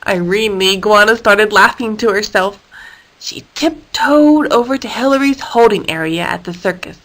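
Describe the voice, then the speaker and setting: A woman reading a children's story aloud in a playful, expressive manner. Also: mid-range voice, normal speed, rough recording. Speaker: storyteller for a homeschool course. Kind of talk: storybook read-aloud narration.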